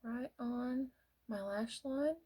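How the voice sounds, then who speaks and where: A middle-aged woman talking casually through her makeup routine, often dropping to a soft whisper. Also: a little high, slow, husky. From United States. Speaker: beauty vlogger. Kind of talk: casual get-ready-with-me makeup talk.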